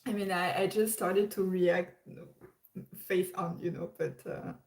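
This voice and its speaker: Slow-talking woman chatting on a livestream. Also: lowish voice, steady tone, creaky, a little mellow. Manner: chatty, hesitant, many restarts and laughs. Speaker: livestream host. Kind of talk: casual livestream chat. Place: her room. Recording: roomy echo.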